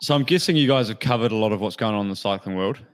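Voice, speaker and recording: A man co-hosting a casual podcast, chatting in a relaxed, wry way. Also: lowish voice, very fast. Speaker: podcast co-host. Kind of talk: casual chat.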